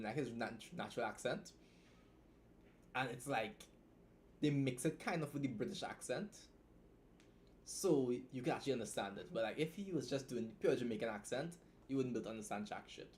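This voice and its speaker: A medium-pitched young man with a Trinidadian accent runs a casual livestream over slight background noise. As a writer and host, he reacts to a story bluntly, joking, cursing freely, and dropping quick asides.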